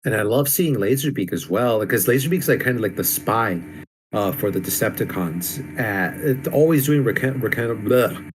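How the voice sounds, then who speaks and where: A man's voice: fairly low pitch, expressive, moderate pace, slight background noise. A man co-hosting a casual comic book discussion, laid-back, laughing often and trailing off into fillers. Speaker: podcast co-host.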